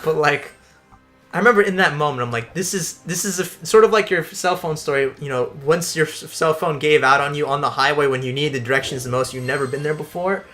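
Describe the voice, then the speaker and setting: A young man hosting a casual gameplay video, telling a school story in an animated way, swearing and laughing along. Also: on the high side, a little fast. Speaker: let's play host. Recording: faint background game music.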